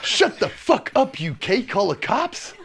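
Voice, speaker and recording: A man voicing a brash, volatile, foul-mouthed male dancer who swears constantly and bursts into shouting, performed live in a comedy venue. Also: sits high, big pitch swings, measured pace, creaky, exaggerated voice. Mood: defiant. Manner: swearing, swings into shouted outbursts.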